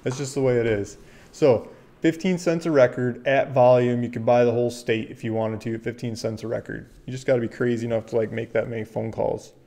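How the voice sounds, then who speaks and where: A man talks casually to his livestream viewers in a warm, mellow voice. He is chatty and excitable, laughing often as he goes. He reads out viewer comments along the way. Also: mid-range voice, a little fast, vocal fry. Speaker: livestream host, land dealer.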